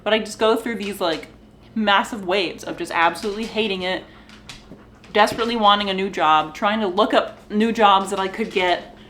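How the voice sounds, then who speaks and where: A young woman with a medium-pitched, fairly bright voice vlogs from the kitchen floor of her home. She chats to the camera in a casual, rambling way, sighing every so often, laughing, and speaking to her dogs.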